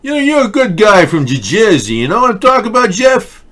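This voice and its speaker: A high, bright, insinuating mobster-type caller, as a male host puts him on, leaning on his target with wheedling, pushy pressure and a knowing edge. he sounds like someone doing a voice for laughs. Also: sing-song, a little fast. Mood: menacing.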